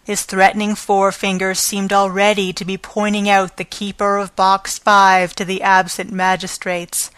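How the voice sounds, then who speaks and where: A woman narrating an audiobook in a measured, unhurried reading style. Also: medium pitch, flat delivery, fairly bright tone, clear, resonant tone, no room sound.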